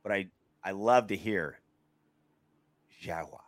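A man's voice: medium pitch, very animated, moderate pace, a bit bright, no echo. A man hosting a casual sports show after a game, rambling and joking crudely. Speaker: podcast host.

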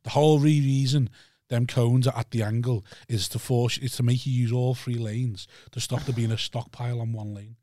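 A man chatting on a podcast, telling animated stories, laughing often and acting out the people in them. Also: mid-range voice, moderate pace, hardly any pauses, no room sound, studio quality. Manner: animated storyteller who laughs often and acts out the voices of people in his stories. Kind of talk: casual chat.

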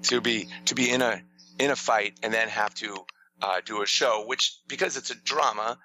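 A man, a storyteller and playwright, telling an animated backstage story in a conversational interview, acting out quotes with sudden jumps in pitch. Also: moderate pace, slight background noise, poor audio.

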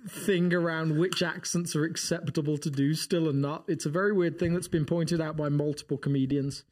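Rambling higher-voiced pastor. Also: male voice, fairly even intonation, normal speed, a little mellow. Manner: rambling, hesitant, many fillers. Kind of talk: casual chat.

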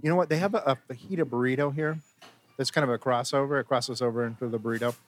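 A man's voice: mid-range voice, steady tone, fast talker, a little hiss or hum. A man co-hosting a food review show, enthusiastic and jokey in casual chat.

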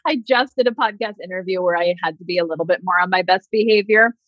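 A woman's voice: fairly low pitch, fast talker, dry recording, highs cut off. A woman talking as a podcast guest and PR coach, casual and sarcastic, acting out quotes in other voices. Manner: animated, sarcastic, acts out quotes.

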